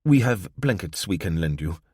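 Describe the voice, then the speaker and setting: A man doing a soft-spoken African-accented church greeter. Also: low voice, lively intonation, normal speed, breathy edge, no room sound, clean studio sound. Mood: gentle welcoming. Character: slim kindly male church greeter.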